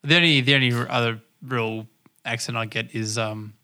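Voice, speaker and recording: Bright-voiced man hosting a podcast. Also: medium pitch, normal speed, smooth. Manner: animated, loose and chatty with swearing and laughs. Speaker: podcast host. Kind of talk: casual podcast chat.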